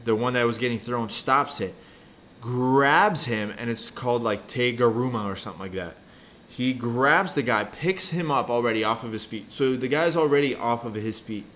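A man's voice: mid-range voice, moderate pace, fairly bright tone, slight background noise. Blunt, profane man arguing his point. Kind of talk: casual heated chat.

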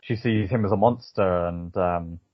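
A man's voice: low-pitched, moderate pace, no echo. A man co-hosting a podcast, musing thoughtfully about an episode in casual chat with many "you know"s. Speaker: podcast co-host. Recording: dull lo-fi, dry.

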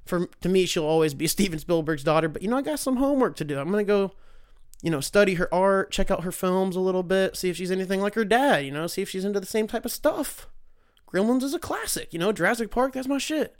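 A man's voice: sits high, expressive, quick pace, dry recording, studio quality. A young man, hosting a casual solo talk show in a profane, rambling, sarcastic way. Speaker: podcast host.

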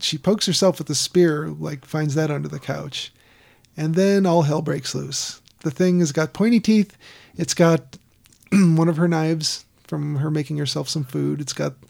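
A man in casual podcast chat, retelling a film scene by scene in a rambling, animated way with lots of fillers. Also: fairly high pitch, measured pace, gravelly.

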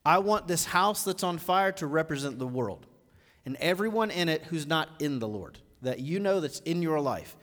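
A male pastor preaching a live sermon, moving from low, measured teaching to loud, rising exhortation. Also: expressive, in a large hall. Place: church auditorium.

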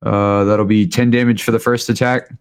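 A man playing a tabletop game, calling out rolls and damage in a relaxed, playful way with jokey sound effects. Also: lowish voice, normal speed, heavy background noise. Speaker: player.

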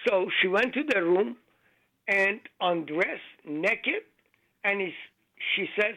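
A man calling in to a radio show, telling a joke haltingly with many fillers and non-native grammar. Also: high voice, expressive, sharp tone, low-quality recording. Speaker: caller.

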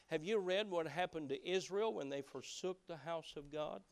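Folksy male preacher, high voice, acts out dialogue quietly, then builds to loud emphatic peaks. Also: moderate pace, creaky, few pauses, clear, resonant tone. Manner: swings between hushed acted-out dialogue and loud emphatic preaching; folksy, preaching with colloquial phrases. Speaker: pastor. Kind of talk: sermon.

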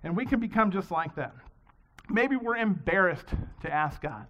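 Bright-voiced preacher. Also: male voice, high-pitched, big pitch swings, moderate pace. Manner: conversational storytelling. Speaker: pastor. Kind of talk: sermon. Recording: dull lo-fi sound.

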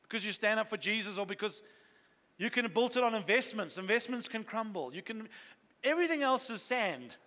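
Expressive and a little fast, this man's high, pushed, bright voice carries a sermon that begins earnestly and swells into fervent exhortation. The long reverb of a church hall surrounds his words.

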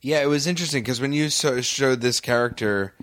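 A man hosting a podcast in casual chat, rambling and halting as he retells TV scenes. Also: medium pitch, a bit bright, dry recording. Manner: rambling, halting, quotes scenes in put-on voices. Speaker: podcast host.

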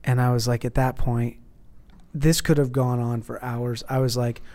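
A man's voice: medium pitch, level tone, moderate pace, darkish tone. Man telling a rambling story. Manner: rambling storytelling with many restarts. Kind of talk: casual chat.

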